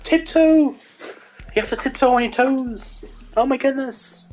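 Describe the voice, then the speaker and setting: A man's voice: measured pace, darkish tone, faint music behind. A man putting on an overexcited video game streamer who shrieks and exclaims at everything. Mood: frantic shrieking. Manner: shrill over-the-top shrieking and exclaiming. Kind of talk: parody of a screaming gamer streamer.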